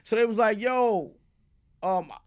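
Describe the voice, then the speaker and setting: A smooth, high-pitched male voice at a measured pace tells a long story as an interview guest. The speaker is a Brooklyn man with a New York accent, streetwise and profane, who leans on tag questions such as "you heard?" in his casual storytelling.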